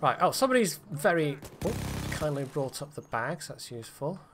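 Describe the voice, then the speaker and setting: A man's voice: fairly high pitch, big pitch swings, normal speed, over music. A man chatting, swearing and laughing as he commentates his own live gameplay. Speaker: streamer. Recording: noisy game audio behind.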